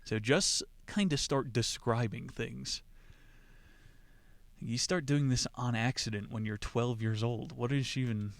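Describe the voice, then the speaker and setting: A man talking casually on his book podcast, rambling and irreverent, mocking what he reads as he goes. His voice sits at an ordinary middle pitch. The sound is dry and close, with no room in it. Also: measured pace, gravelly, no room sound. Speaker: podcast host.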